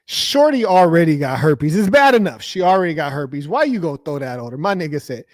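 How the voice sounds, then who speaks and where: A man's voice: high voice, big pitch swings, normal speed, hardly any pauses, no room sound, studio quality. A man hosting a casual reaction commentary, joking and mocking, often laughing. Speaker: host reacting to a clip.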